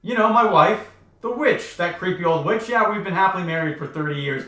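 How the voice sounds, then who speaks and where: Man doing a chirpy, high-voiced witch's husband. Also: lively intonation, a little fast, bright, forceful tone, reverberant. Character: cheery husband of an old witch.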